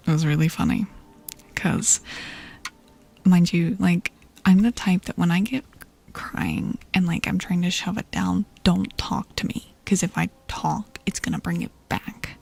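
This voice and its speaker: Young woman doing a whispered role-play stream, kinda low breathy voice, spilling tea and giggling. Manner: gossipy, laughs often, mixes whispers and soft talk. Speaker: ASMR streamer. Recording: faint music behind.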